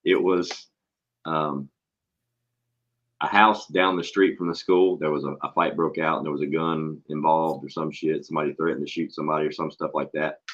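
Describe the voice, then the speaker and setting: This is a blunt man with a low, deep voice who swears freely and tells stories with animated energy. He is a schoolteacher chatting on a casual show. The recording sounds dull and lo-fi. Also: normal speed. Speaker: podcast host and school teacher. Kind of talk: casual profane chat.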